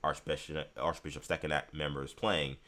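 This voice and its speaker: Sex: man. Role: sports talk show host. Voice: low and forceful. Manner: animated, ranting. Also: moderate pace. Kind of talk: live sports talk, reading chat.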